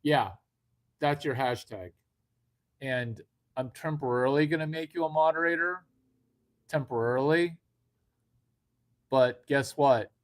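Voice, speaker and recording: A man's voice: medium pitch, a little slow, pauses often. A man hosting a live video stream, talking brashly and rambling at his viewers with a lot of swearing. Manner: brash, profane, rambling, addresses viewers directly. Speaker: livestream host. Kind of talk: unscripted livestream talk.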